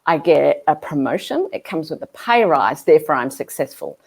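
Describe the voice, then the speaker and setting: Woman, author guest on a video call, animated and outspoken, lowish voice. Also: normal speed, vocal fry, breathy edge. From Australia. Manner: emphatic, animated, frank. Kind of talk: conversational interview.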